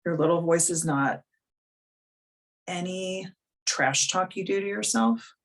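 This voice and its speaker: A woman's voice: lowish voice, slow. A woman life coach hosting a live video coaching call, talking frankly and bluntly in a casual, chatty way.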